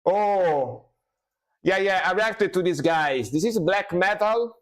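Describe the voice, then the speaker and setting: His voice sits high and sounds animated, though he speaks at a slow pace. He's a music-reaction streamer in easygoing chat, laid-back, repeating himself and tacking on "you know."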